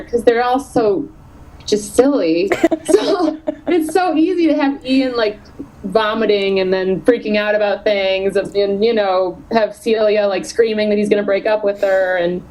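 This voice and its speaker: Woman, 30s, author guest; animated, laughing delivery, medium pitch. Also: low-quality recording. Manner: animated, laughs often, quick asides. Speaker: author being interviewed. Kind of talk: casual interview chat.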